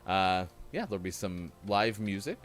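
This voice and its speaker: Man hosting a morning show, lively up-and-down delivery, jokey, faint music underneath. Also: low voice, normal speed. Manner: jokey, self-mocking. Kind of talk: casual chat, reading birthdays.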